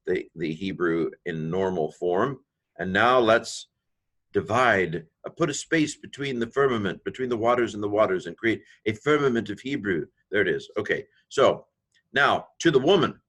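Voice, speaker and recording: Casual male lecturer, deep voice, rambling with ums, slows for emphasis. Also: fairly bright tone, breathy edge. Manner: thinks aloud, many fillers and restarts; slows to stress key phrases. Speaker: teacher. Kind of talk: informal grammar lecture.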